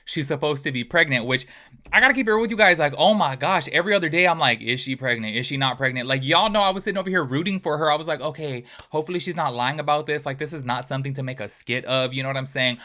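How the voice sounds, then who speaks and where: A man hosts a casual commentary video, chatting at a brisk clip and turning often to his viewers. His voice is bright and forward. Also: fairly high pitch. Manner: chatty, animated, addresses viewers as y'all. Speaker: host.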